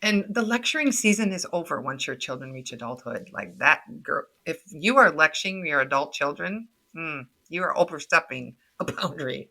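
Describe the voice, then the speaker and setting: Middle-aged woman, bright tone, breathy, lively pitch, laughs often, podcast guest chat. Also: normal speed, hardly any pauses. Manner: laughs often, animated quoted voices. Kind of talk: casual podcast conversation.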